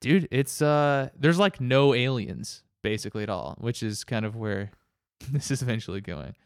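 A man chatting casually, rambling with halting restarts and laughing as he goes. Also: medium pitch, animated, clear, resonant tone, no room sound, studio quality. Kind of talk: casual chat.

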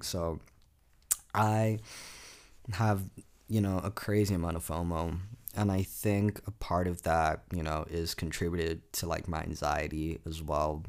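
A man's voice: low-pitched, darkish tone. An eighteen-year-old man from South Africa hosting a casual solo podcast, rambling with lots of "like" fillers and casual swearing. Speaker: podcast host.

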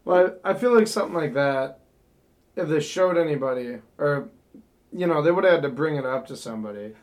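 A man's voice: a little high, expressive, a little fast. A man casually reacting to a friend's story with crude, easygoing remarks. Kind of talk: casual chat.

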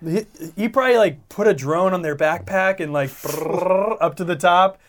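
Chatty slightly high-voiced man. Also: fairly quick, a bit bright. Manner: chatty, speculative, laughs while talking. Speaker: podcast co-host. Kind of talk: casual chat.

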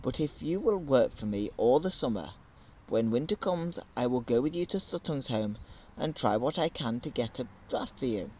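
A man's voice: mid-range voice, lively intonation, normal speed, a little mellow, dull audio, slight background noise, close to an everyday voice. A man voicing a scheming male giant who bargains for work in a told myth. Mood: bargaining.

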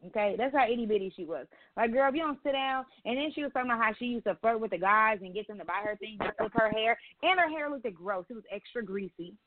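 Talking at a quick clip with hardly any pauses, this woman has a slightly high voice and lively intonation. She co-hosts a podcast, swapping casual, profane, blunt stories in a relaxed chat recorded through a phone call with thin, tinny sound.

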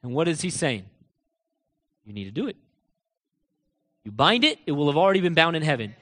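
Brisk and sing-song, a high-voiced man preaches with pointed rhetorical questions and hard emphasis, sometimes dipping into a low, quiet aside. His voice rings through a large church hall's lengthy echo.

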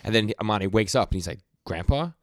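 Chatting casually about manga, a young male co-host acts out scenes in fast quoted snippets, stammering often. His voice is lowish with fairly even intonation, and the clean studio recording carries no room sound.

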